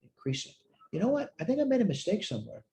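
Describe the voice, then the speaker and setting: Tired, mellow-voiced man teaching math. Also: high-pitched, huge pitch swings, fast talker, creaky. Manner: thinks aloud, corrects himself, asks and answers his own questions. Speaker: math instructor. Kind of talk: recorded math lecture.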